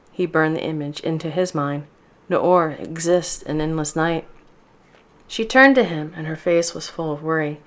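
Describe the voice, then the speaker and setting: A woman author reading her novel aloud as audiobook narration in a steady, measured way. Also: low-pitched.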